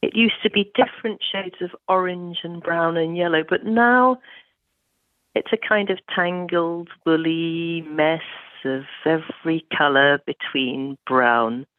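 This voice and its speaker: A slow, reflective speaker giving a poetic, sensory description in an improv warm-up. The voice sits at a middle pitch and comes dry over a tinny, phone-like line. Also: no room sound.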